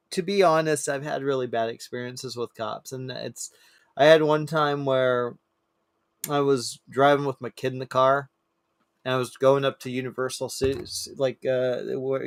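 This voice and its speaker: A man on a podcast telling stories in a casual chat, swearing freely, his voice climbing when he acts out shouting people. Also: no echo, clean studio sound. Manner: swearing, animated storyteller, rises high when quoting angry people. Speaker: podcast co-host.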